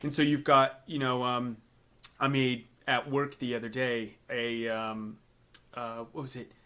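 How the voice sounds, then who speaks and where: Young us guy chatting on a podcast, bright tense voice, laughs a lot, lots of ums. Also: mid-range voice, measured pace, smooth. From Southern United States. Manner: animated, laughs often, many fillers. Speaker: podcast co-host. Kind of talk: casual chat.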